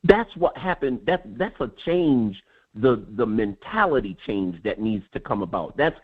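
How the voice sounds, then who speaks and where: A man in casual sports chat, talking in an animated way and repeating words as he builds his point. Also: mid-range voice, a little slow, husky. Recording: tinny phone-like line.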